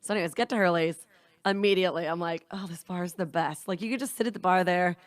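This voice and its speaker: Speaking quickly in a lowish voice with no room sound, a young woman from Canada co-hosts a podcast. Her casual talk becomes a long, rambling, animated anecdote, and she swears every so often.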